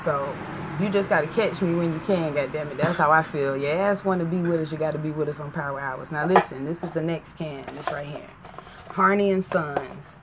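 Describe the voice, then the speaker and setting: A woman vlogging in a casual, animated and profane way, joking as she compares tea bags to camera. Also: deep voice, a little fast, background noise. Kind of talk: casual chat.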